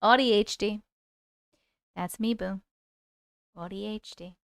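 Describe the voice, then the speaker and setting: A woman's voice: medium pitch, fairly even intonation, slow, creaky, dry recording, clean studio sound. A woman in her forties hosting a livestream, chatting with viewers and reading their stories aloud in a bubbly, casual way. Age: 40s.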